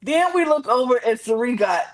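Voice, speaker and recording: Male podcast co-host, AAVE, casual recap chat, very animated, dramatic pitch jumps. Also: normal speed. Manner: animated, acts out reactions with big pitch swings.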